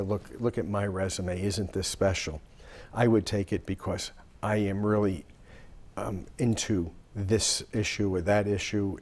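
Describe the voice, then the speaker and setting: A man in his sixties from Rhode Island, a lawyer telling long, relaxed stories with fillers in an interview. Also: lowish voice. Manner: relaxed anecdotal talk with fillers. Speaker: lawyer and guest. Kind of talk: storytelling interview answers.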